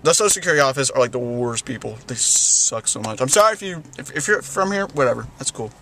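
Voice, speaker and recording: A man's voice: mid-range voice, lively intonation, fast talker, gravelly, bright, forceful tone, slight background noise. A young man telling a rambling story in a casual vlog, full of "like" and "you know", often laughing. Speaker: vlogger.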